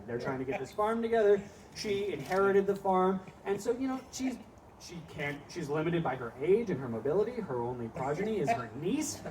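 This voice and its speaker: A man's voice: high voice, a little mellow. A male stand-up comedian performing a live set in a small venue, telling rambling, profane stories full of asides. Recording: distant mic with faint background noise.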